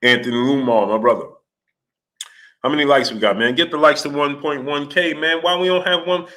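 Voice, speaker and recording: A man's voice: fairly high pitch, fairly even intonation, a little fast, sharp tone. A man hosting a casual livestream, reading out viewers' comments in a slangy manner and calling them "brother". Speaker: livestream host. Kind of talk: casual live-stream chat.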